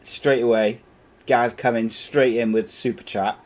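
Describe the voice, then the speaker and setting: A man's voice: medium pitch, steady tone, a little slow, crowd noise. A Scottish man hosting a podcast, upbeat, reading promos and calling people mate. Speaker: podcast host. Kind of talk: podcast intro and casual chat.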